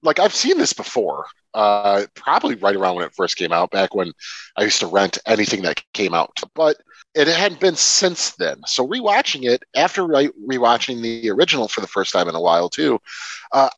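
A man's voice: mid-range voice, poor audio. A young man co-hosting a film podcast, chatting casually and often restarting his sentences. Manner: lively, restarts often, drawn-out emphasis. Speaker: podcast co-host.

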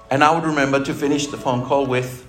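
Speaking at medium pitch with a slightly bright tone, a pastor gives a chatty, jokey sermon to his congregation, laughing as he goes. It was captured in a roomy church hall with faint background noise.

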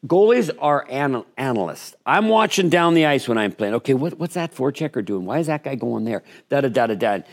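An older man, a retired goalie turned color commentator, telling stories in a relaxed podcast chat and acting out quotes. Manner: animated, acts out quotes with lively pitch jumps. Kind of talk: relaxed storytelling in a sports podcast.

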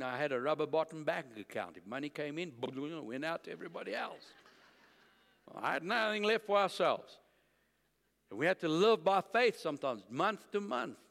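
A man preaching a sermon, telling stories and building to loud declarations of faith. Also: a little high, gravelly, long reverb tail.

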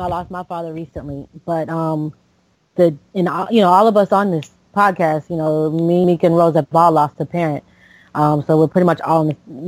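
A Florida woman in her late thirties, a podcast host, shares a personal story in a low, slightly mellow voice. Her telling rambles with many fillers and restarts, and the recording is low-quality with no echo.

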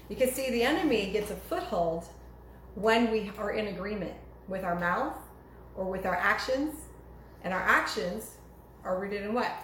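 A woman's voice: medium pitch, lively intonation, normal speed. A woman preaching a sermon in an emphatic manner, her voice rising sharply when she quotes cries to God. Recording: echoey room with faint noise.

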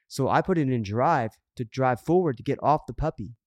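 A man's voice: medium pitch, animated, brisk, no room sound. A middle-aged man on a podcast, telling an earnest story in casual chat and acting out the quotes. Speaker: podcast co-host.

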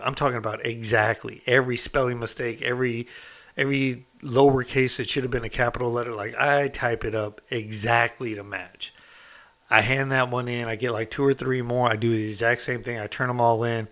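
A man's voice: mid-range voice, steady tone, fairly quick, a bit bright. A man, a former inmate, telling a story in a loose, conversational way, full of fillers. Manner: loose and conversational, with many fillers like "you know" and "like". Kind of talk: casual spoken storytelling.

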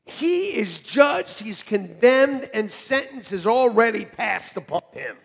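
A middle-aged man preaching a sermon to a congregation, joking and animated, swinging from shouts to quiet asides. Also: very high-pitched, a little slow, gravelly, breathy edge. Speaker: pastor. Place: church hall with congregation. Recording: long reverb of a church hall.

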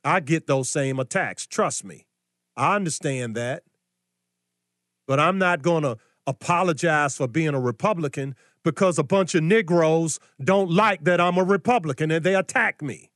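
Middle-aged male host, higher-pitched, combative preachy commentary, dry close recording. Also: normal speed, a bit bright, no room sound. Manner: combative, scolding, rhetorical questions.

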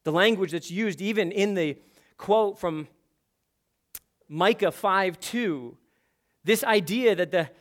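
A man preaching an expository sermon, emphatic and building to forceful peaks. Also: sits high. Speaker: pastor.

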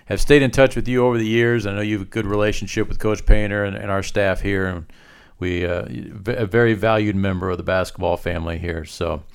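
A man's voice: on the low side, steady tone, a little fast, smooth. A man hosting a podcast, chiming in with short agreeing remarks and wrapping up the interview. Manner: warm agreeing backchannels, brief remarks. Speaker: podcast host. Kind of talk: casual interview chat.

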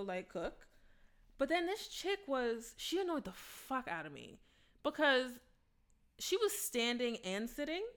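A woman's voice: fairly high pitch, fairly bright tone. A young woman telling a story in casual chat, blunt, profane and sassy.

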